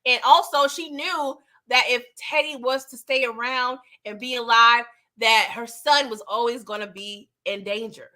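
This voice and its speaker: A woman hosting a casual TV recap, animated and laughing as she acts out the scenes. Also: fairly high pitch, a little slow, few pauses. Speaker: TV recap host. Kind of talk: casual chat.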